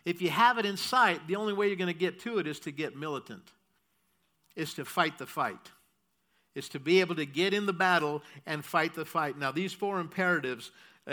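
A man's voice: fairly high pitch, sharp tone. A man preaching a sermon in an emphatic style, repeating key phrases and putting questions to the congregation. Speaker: pastor.

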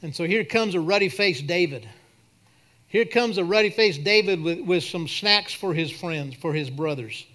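A man preaching a sermon and leading a prayer at a church service, swinging from loud declarations to quiet prayer. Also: sits high, normal speed. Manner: preaching, rising to shouts then dropping to a soft prayer. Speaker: pastor.

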